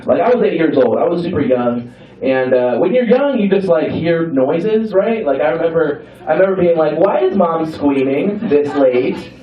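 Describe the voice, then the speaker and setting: A man's voice: a little high, lively intonation, normal speed, distant mic. A young man doing a stand-up comedy set in a club, playful and teasing with the crowd, swearing freely. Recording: roomy club sound from afar, dull. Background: audience laughter.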